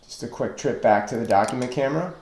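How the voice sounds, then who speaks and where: A man teaching a recorded online lesson on poetic meter, slow and deliberate as he counts out stresses and feet. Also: medium pitch, creaky, a little mellow. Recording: echoey room.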